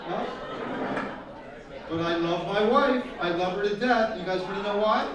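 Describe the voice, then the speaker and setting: This middle-aged man's voice sits high, and he talks at a moderate pace while doing stand-up for a live audience. His crowd work is crude and teasing, and he laughs at his own jokes; the echoey hall recording was made from afar with music.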